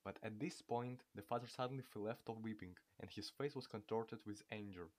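A man's voice: fairly low pitch, a little fast, a little mellow. A man narrating a story aloud, reading with occasional slips and restarts. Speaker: audiobook reader.

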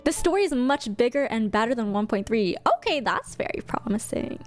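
A young woman streamer chatting casually while reacting to a game, excitable and chatty. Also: a little high, a little fast, soft background music.

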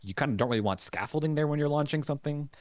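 A man's voice: fairly high pitch, rapid-fire, no room sound. A man co-hosting a casual livestream chat, hedging and listing possibilities one after another. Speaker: co-host, writer.

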